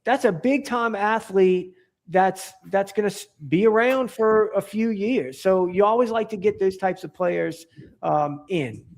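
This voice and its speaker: High-voiced man, rambling podcast guest. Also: measured pace, creaky. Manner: rambling, enthusiastic, many restarts and fillers. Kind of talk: casual podcast chat.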